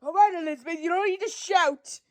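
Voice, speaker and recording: A woman performing an improvised skit, switching rapidly between many bickering characters in different voices. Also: very high-pitched, dry recording. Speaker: storyteller voicing every character. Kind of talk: improvised doll-play skit.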